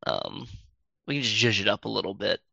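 A man's voice: on the low side, brisk, gravelly, sharp tone. A man narrating an improvised character backstory in a rambling way, with many fillers and self-corrections, recorded with a dull lo-fi sound.

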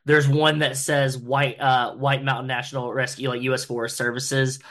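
A man's voice: mid-range voice, moderate pace. A man describing a scene and speaking as his character in a tabletop game, loose and full of fillers. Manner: loose, filler-heavy, excitable. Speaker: player. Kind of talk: casual tabletop role-play.

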